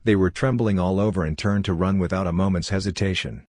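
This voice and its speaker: Low-voiced man reading an audiobook. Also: steady tone, fast talker, darkish tone, dry recording, studio quality. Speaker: audiobook narrator. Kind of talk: scripted narration.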